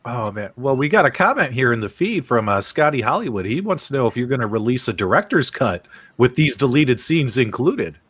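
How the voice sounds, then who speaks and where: A man's voice: mid-range voice, sing-song, a little fast, a bit bright, breathy edge, dry recording. A man co-hosting a casual talk show, who laughs often and reads out comments from viewers. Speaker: co-host. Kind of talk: casual chat.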